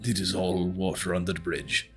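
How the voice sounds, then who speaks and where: A polite lord who stumbles over his apologies, as a man acts him out in a tabletop game. The voice is bright and a bit low, with faint music under it. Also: steady tone, moderate pace, husky, full character voice. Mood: courteous. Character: courteous, flustered male lord.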